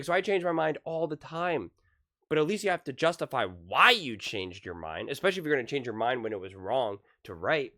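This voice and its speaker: A man doing a reaction commentary on football news, emphatic and exasperated, ranting with frequent restarts. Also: a little high. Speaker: sports commentary youtuber.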